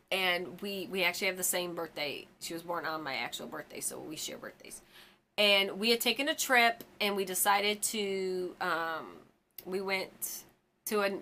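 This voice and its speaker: A woman's voice: mid-range voice, bright, forceful tone, slight background noise. A woman in her forties hosting a fan channel, chatting casually and rambling about a TV episode with lots of ums and side stories. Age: 40s.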